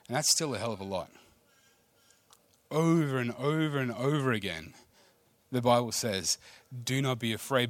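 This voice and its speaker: A man preaches at a middle pitch. He swings from loud, emphatic lines down to hushed ones. The sound is dry and close, with no room around it. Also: no room sound. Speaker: pastor. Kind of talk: sermon.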